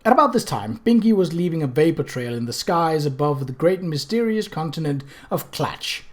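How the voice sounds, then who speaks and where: An even, mid-pitched reader telling a comic fantasy story in a dry, steady way. The reading moves along at an easy pace, with a stumble now and then. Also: a little fast. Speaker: audiobook reader. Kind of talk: audiobook reading.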